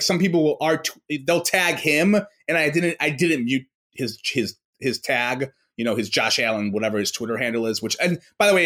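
A man's voice: fairly high pitch, a bit bright. A man from New York, a podcast guest, ranting in casual chat, cursing and restarting often. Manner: ranting, profane, full of fillers and restarts.

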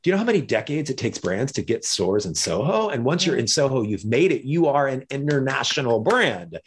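A man from Missouri tells his story as an interview guest, his pitch leaping up and down. He slips into quoted voices to act out what other people said. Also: very animated, a little fast, husky. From Missouri, USA. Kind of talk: conversational storytelling.

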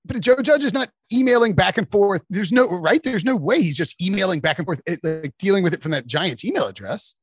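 A man guesting on a sports podcast, chatting casually and laughing often, with quick asides. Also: sits high, expressive, slight background noise.

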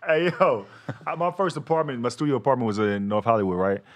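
A man telling stories in casual comedic chat, slangy and animated, acting out quoted lines. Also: medium pitch, fast.

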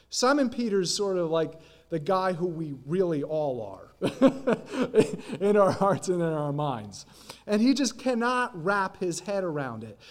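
A male pastor preaching at an unhurried, deliberate pace, his voice sitting high for a man. He speaks earnestly, explaining scripture and now and then acting out quoted lines for emphasis. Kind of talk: sermon. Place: church sanctuary.

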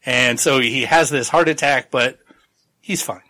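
A man hosting a relaxed book podcast, retelling a novel's plot in a loose, rambling way, full of profanity and acted-out asides. His voice is bright and forceful, at an ordinary male pitch. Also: measured pace. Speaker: podcast host. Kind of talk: casual book-discussion podcast.

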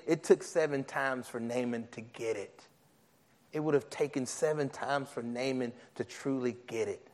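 A man preaching a sermon, animated, acting out biblical characters and his own thoughts, with many restarts. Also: medium pitch. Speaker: pastor.

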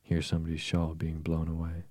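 A man with a very deep voice, reading the lines of a gentle, polite young girl in a bedtime storybook. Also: completely flat delivery, a little fast, no echo.

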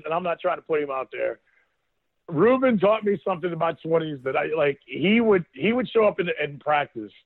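A man in his thirties tells a story in a loose, animated way, breaking into laughter and acting out what others said. His voice sits on the high side. It comes through a thin, phone-like line with no room sound. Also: no echo. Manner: animated storyteller, laughs often, quotes people. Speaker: former football player, guest. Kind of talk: casual storytelling on a call-in show.

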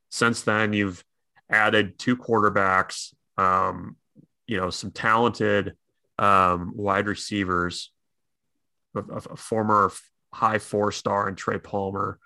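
Casting note: lowish, bright male co-host, dry close sound, loose chatty delivery. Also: flat delivery, measured pace, gravelly, no echo. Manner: chatty, laughs easily, many restarts. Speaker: sports talk co-host. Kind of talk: casual sports chat.

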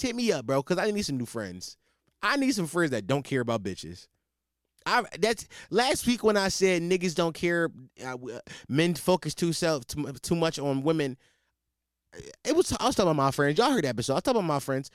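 A man's voice: fairly high pitch, very animated, brisk, no room sound, studio quality. A man hosting a podcast, ranting in a profane, comedic monologue with frequent restarts. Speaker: podcast host.

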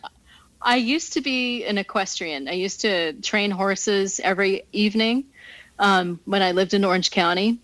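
Speaking at a normal pace in a mid-range, slightly bright voice, a woman guest angler swaps fishing stories in a relaxed interview, laughing frequently. The recording is rough, with no room sound.

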